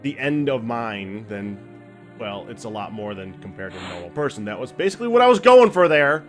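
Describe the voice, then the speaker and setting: A man's voice: fairly low pitch, sing-song, a little fast, soft background music. A young man chatting casually on a stream, joking and teasing his co-host. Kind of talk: casual chat.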